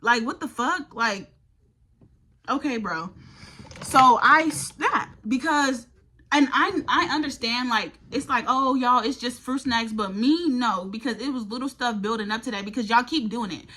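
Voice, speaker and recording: A woman's voice: fairly high pitch, lively intonation, unhurried, sharp tone. A young woman vlogger telling a college storytime in a casual, profane, exasperated way. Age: young adult. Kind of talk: storytime vlog.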